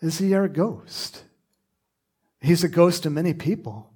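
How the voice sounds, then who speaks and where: A man preaching a sermon in an animated, conversational way, with asides and laughs. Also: a little high, unhurried, breathy edge.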